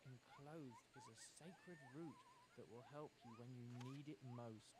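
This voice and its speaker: An actor voicing a pompous male clay creature who reads out a letter slowly in a broad put-on accent, in a game cutscene. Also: medium pitch, lightly acted. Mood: solemn.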